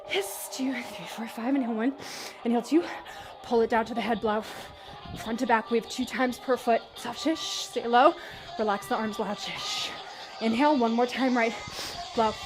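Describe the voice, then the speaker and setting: A woman fitness instructor guiding a workout, counting reps and calling breath cues in a steady rhythm. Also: on the high side, normal speed. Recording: music playing behind the voice. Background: workout music.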